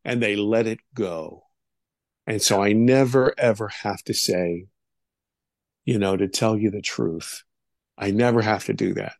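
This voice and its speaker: Middle-aged male guest, gravelly storyteller, animated, with plenty of "you know"s. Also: fairly low pitch, a little slow, pauses often, dry recording, studio quality. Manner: animated, acts out quoted voices, many fillers. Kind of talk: interview storytelling.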